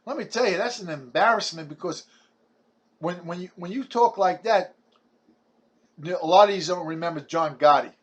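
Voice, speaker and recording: Seventies New man, raised pitch, ranting combatively with stumbling restarts. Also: moderate pace, pauses often. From Brooklyn, New York. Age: 70s. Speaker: vlogger. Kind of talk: ranting monologue.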